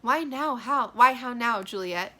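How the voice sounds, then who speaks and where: A stern noble mother scolds and commands in clipped verse, read aloud by a woman. Her voice is bright and sharp, and she gives each line as an order. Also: a little high, measured pace, voice pushed up. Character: stern noblewoman mother, Lady Capulet, cold and vengeful. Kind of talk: dramatic reading of a play.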